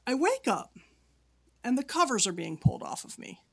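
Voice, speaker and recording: A woman's voice: fairly high pitch, normal speed, vocal fry, slightly rough. Lady co-host telling a spooky story, does little voices for the people in it. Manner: animated storyteller, acts out ghost dialogue. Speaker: podcast co-host. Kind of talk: casual storytelling chat.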